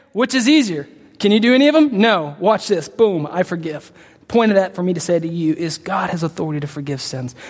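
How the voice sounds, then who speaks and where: A man preaching a sermon in a conversational way, breaking into sudden emphatic high-pitched bursts and often calling out to the congregation. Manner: frequent call-outs to the congregation. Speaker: pastor. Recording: long hall reverb.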